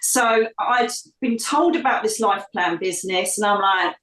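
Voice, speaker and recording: A woman's voice: medium pitch, unhurried, hardly any pauses, fairly bright tone. A woman from the UK, a psychic medium telling a long story in an interview, chatty and laughing, acting out the voices she quotes. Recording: roomy sound, distant from the mic.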